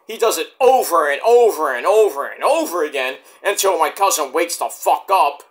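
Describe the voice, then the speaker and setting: A man rambles through a casual wrestling recap, cursing freely and trailing off as he loses his train of thought. His voice sits high and bright, with a sharp edge. He sounds tired from the late hour, yet his pitch still swings widely. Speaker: wrestling show reviewer.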